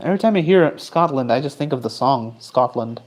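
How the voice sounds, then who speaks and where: A man's voice: medium pitch, animated, fairly quick, darkish tone. A man streaming live, chatting casually and rambling as he answers his chat while he draws. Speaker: streamer and artist.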